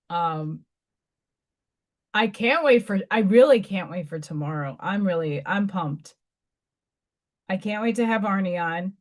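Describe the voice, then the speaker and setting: A woman's voice: medium pitch, lively intonation, a little slow, pauses often. A woman with a New York accent hosting a live stream, chatting casually and rambling with many restarts. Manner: rambling, loose chat with many restarts and fillers. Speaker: livestream host.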